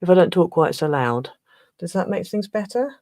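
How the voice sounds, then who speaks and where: A woman hosting a craft livestream in casual chat, flustered and restarting her sentences, with a slightly rough throat. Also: fairly low pitch, lively intonation, moderate pace, a little mellow, dry recording, poor audio. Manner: chatty, flustered, trailing off and restarting.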